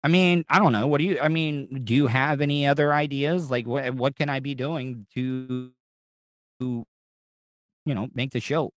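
A man's voice: medium pitch, moderate pace. A man hosting his podcast in casual chat, talking in a rambling way with lots of restarts and swearing. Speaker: podcast host.

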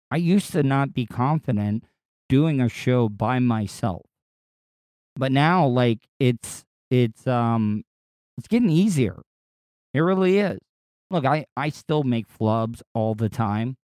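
A man hosting his own podcast in a casual solo monologue, with a distinctive voice that is not deep, talking in a rambling, crude, candid way with frequent restarts. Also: a little mellow, dry recording, studio quality. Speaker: podcast host and radio personality.

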